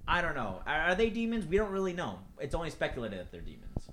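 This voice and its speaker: A young man hosting a casual chat, acting out his own quotes in an animated way and swearing freely. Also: fairly high pitch, quick pace, slight background noise. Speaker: streamer and podcast host.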